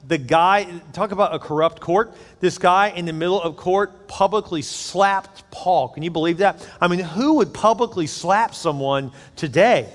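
A man's voice: high-pitched, normal speed, hardly any pauses, in a large hall. A male pastor from the United States preaching a sermon in a conversational way, acting out the voices he quotes.

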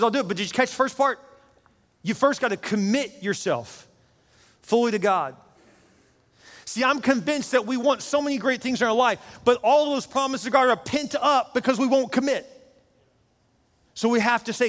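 Earnest pastor preaching in a reverberant hall. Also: male voice, very high-pitched, normal speed, pauses often. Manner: earnest storytelling, repeats words when excited. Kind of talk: sermon. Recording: long hall reverb with faint music.

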